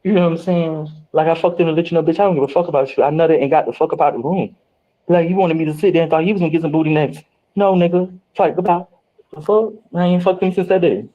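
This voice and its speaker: A man on a reality show after-show, telling candid stories in casual chat, animated and profane, with big swings in his voice. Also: fairly high pitch, quick pace, highs cut off. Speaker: reality show cast member.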